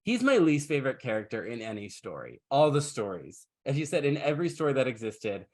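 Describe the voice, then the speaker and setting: A man of middle pitch hosts a podcast in loose, casual chat. His storytelling is wry and sarcastic, and he swears freely. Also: sing-song, fairly quick. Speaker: podcast host.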